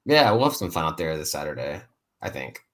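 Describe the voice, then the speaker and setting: A man's voice: very deep voice, sing-song, brisk, a bit bright. A man hosting a casual sports podcast, joking loosely, laughing often and repeating his words. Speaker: podcast host.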